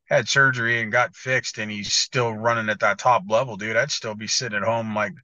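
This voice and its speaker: A man's voice: on the low side, steady tone, fairly quick, bright, forceful tone, no room sound. An American man talking as a guest in casual podcast chat, blunt and swearing freely, often stumbling over restarts. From United States. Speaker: guest motocross editor.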